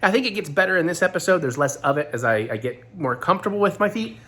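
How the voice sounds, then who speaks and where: A man hosting his own vlog in casual chat, his voice hoarse and gravelly, rambling on with self-deprecating asides. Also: high voice, lively intonation, quick pace, fairly bright tone. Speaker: vlog host.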